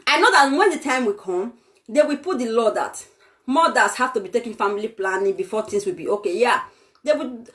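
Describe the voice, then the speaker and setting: A woman's voice: on the high side, expressive, a little fast, fairly bright tone. A young Nigerian woman with a Nigerian accent, delivering a heated, scolding vlog rant full of exclamations. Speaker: vlogger. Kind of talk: ranting vlog monologue.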